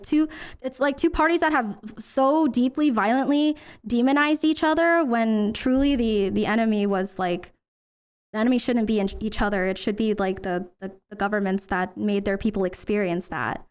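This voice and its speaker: A young woman streamer talking candidly in halting casual chat, full of fillers and tearing up at times. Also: mid-range voice, clean tone.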